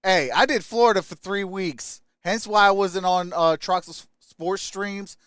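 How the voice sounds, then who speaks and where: A man's voice: sits high, unhurried, a bit bright, clear, resonant tone, no room sound, studio quality. A man hosting a casual live stream, upbeat, greeting viewers by name and reading their comments aloud. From Michigan.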